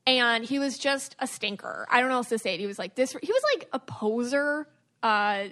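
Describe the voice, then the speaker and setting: A woman podcast host and aura reader telling stories from her past in an animated, chatty way. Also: fairly high pitch, fairly quick. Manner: animated storytelling with many fillers. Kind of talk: casual podcast chat.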